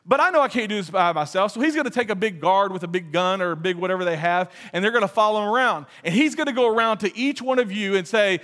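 A man's voice: high-pitched, quick pace, few pauses. A man with a Texan accent preaching a sermon, telling stories animatedly and acting out quoted lines with humor. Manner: animated storytelling, acts out quotes, jokes with the congregation. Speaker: pastor. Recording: reverberant hall.

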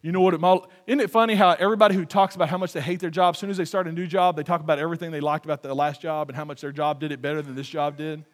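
A man's voice: on the high side, fairly even intonation, rapid-fire, few pauses. A male pastor preaching a sermon in a conversational, humorous way, often laughing at his own jokes.

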